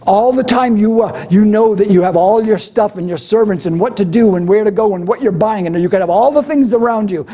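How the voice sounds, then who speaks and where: A man preaching a sermon with animated delivery, moving between loud emphatic lines and quiet, low intensity. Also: brisk, hardly any pauses. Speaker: pastor.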